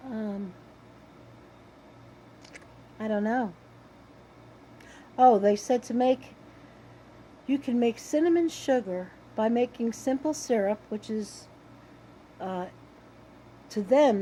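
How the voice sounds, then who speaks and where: A woman's voice: a little high, dark tone, slight background noise, low-quality recording. An older woman rambling casually to the camera in a chatty vlog, wandering between tangents. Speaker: vlogger.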